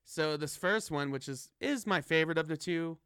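A man's voice: on the high side, normal speed, a bit bright, clean tone, dry recording, studio quality. A young man co-hosting a casual drinking podcast, laughing often and joking loosely. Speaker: podcast co-host.

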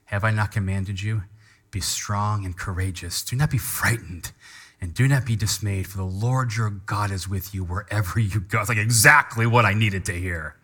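A man's voice: lowish voice, moderate pace, husky. A middle-aged man preaching a sermon as pastor, reading scripture with fervent emphasis and calling the congregation to repeat the words with him. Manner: passionate, rising to loud emphatic scripture reading; leads congregation in call-and-response.

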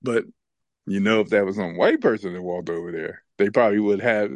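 A man co-hosting a podcast, telling stories in a casual, animated way and laughing often. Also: fairly low pitch, a little fast, dry recording. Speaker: podcast co-host. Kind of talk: casual chat and storytelling.

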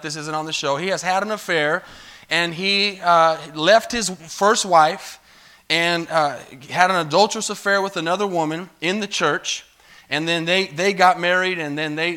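A pastor preaches a sermon in a church sanctuary, his smooth voice sitting on the high side and sounding pushed and bright. He spins a story in a relaxed, chatty way and asks the congregation for amens.

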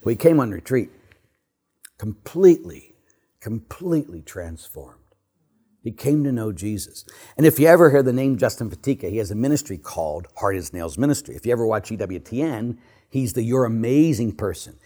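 Older male priest preaching to a congregation, animated and joking, drops to a near hush for emphasis, mid-range voice. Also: mid-range voice, normal speed. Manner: animated, joking, swings from loud to hushed. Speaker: Catholic priest. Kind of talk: storytelling talk to a church audience.

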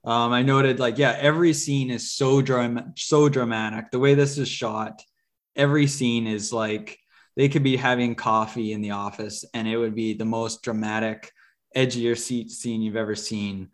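A man's voice: medium pitch, fairly even intonation, moderate pace. A man co-hosting a podcast, chatting casually about movies in a rambling way with lots of fillers and restarts. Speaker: podcast co-host. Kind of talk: casual movie review chat.

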